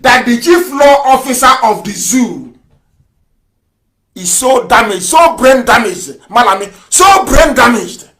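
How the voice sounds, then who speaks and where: Male radio broadcaster, high-pitched, fiery sarcastic political delivery with shouted peaks. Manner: fiery and sarcastic, with rhetorical questions and bursts of shouting.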